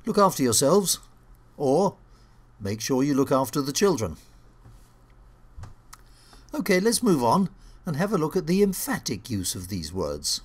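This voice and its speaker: A middle-aged man teaching an English grammar lesson, reading clear scripted narration in a lively teacher's manner. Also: mid-range voice, normal speed. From England.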